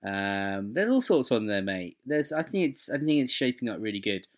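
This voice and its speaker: A man's voice: lowish voice, sing-song, moderate pace. A man co-hosting a podcast, chatting casually and enthusiastically, rambling through his points. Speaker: podcast co-host. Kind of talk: casual chat.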